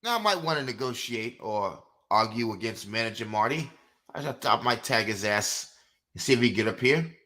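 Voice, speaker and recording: A middle-aged man hosting a live boxing podcast, ranting with fiery, profane outbursts that drop into low mutters. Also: lively intonation, moderate pace, sharp tone. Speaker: podcast host. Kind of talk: live-stream boxing rant.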